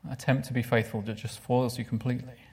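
Male preacher, mid-pitched, expressive delivery that drops to a hush for emphasis, asks the congregation questions. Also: fast, breathy edge. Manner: asks the listeners rhetorical questions. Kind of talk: sermon.

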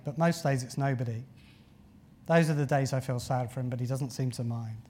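A man's voice: mid-range voice, steady tone, a little fast, darkish tone. A man preaching a sermon in an earnest way, often repeating phrases and using filler words. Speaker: pastor.

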